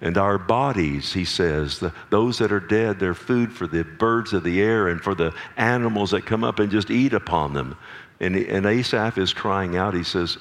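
A pastor delivers an evening sermon in his church, his low voice carried by a microphone. He reads scripture with earnest, dramatic weight and stops to explain each verse. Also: moderate pace, fairly bright tone. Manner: earnest preaching with dramatic scripture reading and asides to the sound man. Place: church sanctuary. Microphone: microphone on a sound system.

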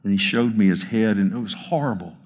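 A male pastor tells a personal story in a sermon, earnest and emphatic, often halting and restarting. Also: lowish voice, darkish tone. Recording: long reverb of a large hall.

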